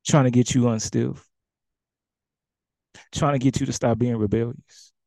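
Man, preacher, sermon, gravelly, dark tone. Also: mid-range voice, fairly even intonation, a little slow, no room sound. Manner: preaches in casual dialect, acting out commands and swinging between loud and hushed.

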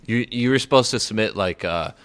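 A man's voice: lowish voice, a little fast, a bit bright, no echo. A young man hosting a casual podcast chat, laid-back and easygoing. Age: young adult.

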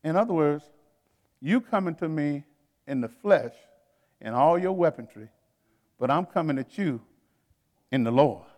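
A man's voice: a little high, animated, a little slow, long pauses, darkish tone, long reverb tail. A man preaching a sermon to his congregation in a folksy, conversational way, talking straight to the crowd and laughing between points. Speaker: pastor.

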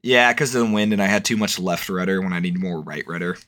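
A man's voice: sits low, fast, a bit bright. A young man in casual chat, rambling and swearing, with lots of fillers. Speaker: podcast co-host.

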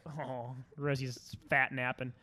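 A young man telling stories on a casual podcast, swearing a lot and animated. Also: medium pitch, takes it slowly. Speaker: podcast co-host.

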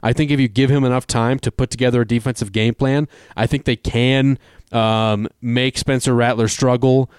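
Man hedging his betting picks, smooth voice. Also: mid-range voice, steady tone, normal speed, darkish tone, no echo, clean studio sound. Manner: hedging, conversational with many fillers. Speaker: sports betting co-host. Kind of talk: casual sports betting chat.

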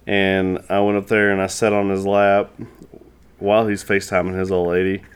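A man chatting on a casual podcast, dropping deadpan jokes. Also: deep voice, moderate pace, clear, resonant tone. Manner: deadpan joker.

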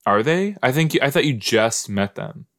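Very animated and at a moderate pace, a man hosting a podcast talks chattily to the screen, musing about the show playing before him. His voice is medium-pitched with a fairly bright tone. There's no room sound, just clean studio audio.

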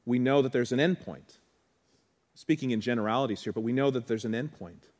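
A man's voice: medium pitch, brisk, a little mellow. A male pastor preaching a sermon in an earnest, heartfelt way, with conversational asides to the congregation.

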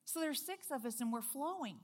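A woman being interviewed, telling a personal faith story in a lively, earnest way. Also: high-pitched, a little fast. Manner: lively storyteller, acts out quoted speech; earnest, heartfelt. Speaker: guest.

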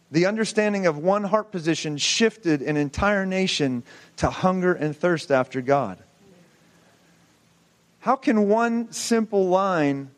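A man in his forties preaching, telling a personal testimony with impassioned storytelling and rhetorical questions. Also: sits high.

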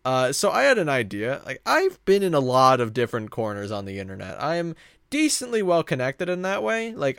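A man's voice: mid-range voice, clear, resonant tone, dry recording, studio quality. A man hosting his own podcast, talking alone in a rambling way with many fillers and self-corrections. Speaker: podcast host. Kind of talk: casual solo monologue.

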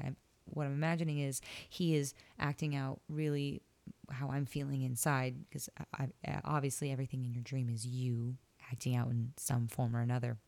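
A woman's voice: very deep voice, gravelly, a little mellow, no room sound. A young woman hosting a podcast, candidly retelling a dream and reflecting on it in a casual, personal way. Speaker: podcast host. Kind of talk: casual solo podcast talk.

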